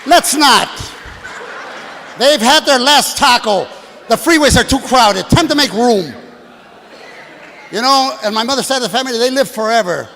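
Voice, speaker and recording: A man in his sixties doing a stand-up comedy set, brashly working the crowd and shouting at the audience from a stage. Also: extremely high pitch. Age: 60s. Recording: live hall with long reverb, faint room noise.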